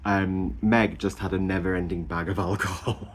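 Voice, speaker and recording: A man, chatting casually to camera in a gushing, animated way, full of ums and little laughs. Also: low voice, moderate pace, slight background noise. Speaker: vlogger. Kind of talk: casual chatty weight-loss update.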